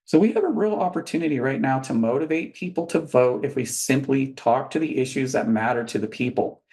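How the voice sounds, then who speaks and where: A man's voice: mid-range voice, brisk, darkish tone. Earnest male political campaigner. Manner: earnest, builds points through repetition like a stump speech. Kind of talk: casual political talk.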